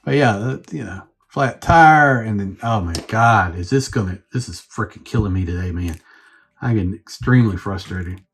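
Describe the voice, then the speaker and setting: A man's voice: on the low side, moderate pace, a little hiss or hum. A man reviewing a toy on his own channel, rambling and thinking aloud as he fiddles with the figure. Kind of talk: casual unscripted review.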